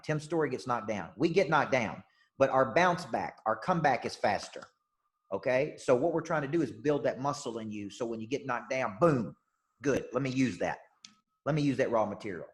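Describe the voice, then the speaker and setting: Emphatic Southern man coaching. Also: medium pitch. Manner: emphatic and repetitive, checks in with "okay?" and "right?"; intense and upbeat. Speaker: life and business coach. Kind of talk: motivational coaching talk. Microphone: online call session.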